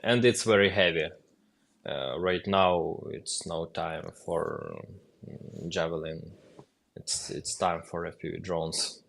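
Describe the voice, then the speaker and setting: A man talks as a guest in a casual chat. His voice is among the deepest and he speaks slowly. He halts often while he searches for his words. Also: animated, creaky, fairly bright tone. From Ukraine.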